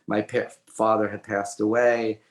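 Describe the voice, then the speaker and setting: An older man, an author and illustrator, telling a personal story as an interview guest in a halting way with many fillers and restarts. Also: on the low side, flat delivery. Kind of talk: conversational storytelling. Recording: roomy echoey audio.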